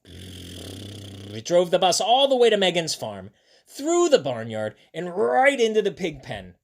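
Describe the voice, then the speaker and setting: A man reading a picture book aloud to children, making playful, animated asides to his young listeners. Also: on the high side, measured pace, creaky. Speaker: children's story reader.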